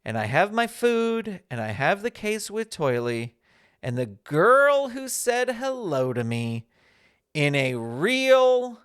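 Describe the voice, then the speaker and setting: A man hosting a podcast, telling a casual anecdote in an animated way and acting out the other people in it. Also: a little high, clean tone. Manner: animated, acts out the voices of others in his anecdotes. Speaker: podcast host. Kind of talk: casual storytelling.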